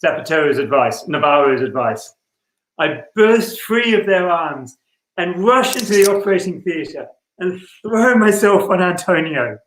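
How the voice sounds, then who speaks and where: A man's voice: sits high, animated, a bit bright. Self-correcting man with an echoey sound. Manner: self-correcting, apologetic, quick to laugh. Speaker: tabletop game player. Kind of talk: casual role-play chat. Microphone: video call.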